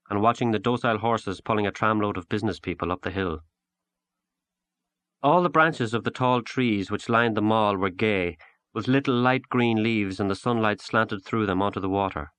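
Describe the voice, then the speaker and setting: A man narrating a literary short story in a measured, unhurried audiobook reading. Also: on the low side, fairly bright tone.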